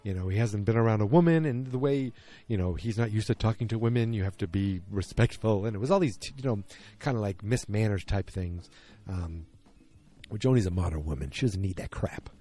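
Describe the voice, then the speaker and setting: A man's voice: on the low side, brisk, mellow. A man hosting a podcast, recapping an episode in a casual, rambling way with lots of fillers and restarts. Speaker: podcast host.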